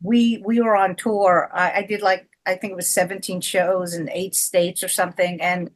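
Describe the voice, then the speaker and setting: A woman's voice: fairly low pitch, little pitch movement, normal speed. A woman comedian guest telling rambling stories in a blunt, profane way. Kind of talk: casual chat.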